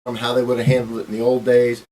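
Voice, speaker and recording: A police officer talking casually to the camera in a boastful, contemptuous way. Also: male voice, medium pitch, completely flat delivery, fast talker, warm tone. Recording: noisy recording.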